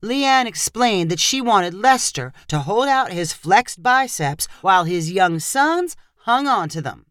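A woman narrating a scripted story in an expressive storyteller manner. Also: medium pitch, measured pace, hardly any pauses, dry recording, studio quality.

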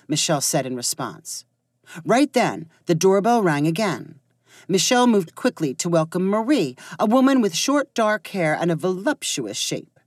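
A woman narrating a story aloud in an expressive reading voice. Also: lowish voice, moderate pace, no room sound, studio quality.

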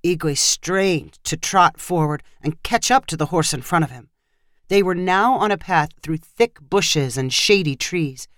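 A narrator reading a short story in a steady, measured voice. The pitch sits in a middle register. The recording is dry and close, with no room sound. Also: dry recording.

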